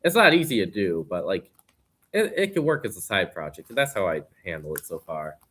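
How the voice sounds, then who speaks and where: Young guy on a podcast, kinda low voice but really bright, rambles earnestly. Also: very animated, brisk, husky. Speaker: podcast guest. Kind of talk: casual conversation.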